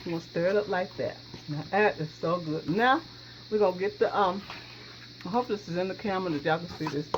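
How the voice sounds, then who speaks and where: A woman's voice: lowish voice, brisk. A woman hosting a home cooking video, chatting folksily to viewers as she works in her kitchen. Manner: folksy, chatty, talks straight to viewers with frequent y'all. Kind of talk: casual cooking demonstration. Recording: dull lo-fi sound with steady background noise.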